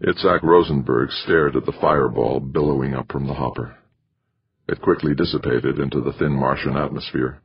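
A man narrating an audiobook in steady storytelling. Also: extremely low pitch, moderate pace, breathy edge, highs cut off. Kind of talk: scripted narration.

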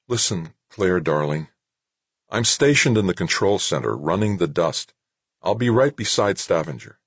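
A man's voice: low voice, very animated, moderate pace, breathy edge, no echo, voice pushed up, exaggerated voice. A man doing a big hearty reassuring fellow. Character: big cheerful reassuring red-haired man.

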